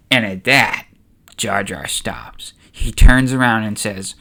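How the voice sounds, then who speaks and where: A man's voice: mid-range voice, takes it slowly. A man hosting a channel, narrating a story in a casual, chatty way. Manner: chatty, relaxed, uses fillers. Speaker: YouTube host.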